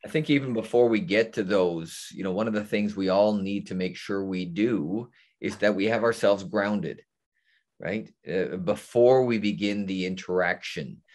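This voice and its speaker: A man's voice: fairly low pitch, moderate pace. A man presenting on a webinar, talking with his hands and acting out example sentences as he explains over a video call. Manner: animated hand talker, acts out example sentences. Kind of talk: explanatory panel talk.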